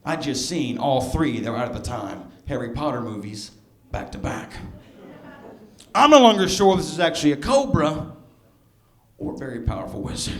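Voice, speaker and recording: A man from near Birmingham, Alabama, with a mild Southern accent, doing a stand-up set in a sardonic, storytelling way with quick asides to the crowd. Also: mid-range voice, big pitch swings. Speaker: stand-up comedian. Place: comedy club stage. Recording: echoey club room with crowd laughter. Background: audience laughter.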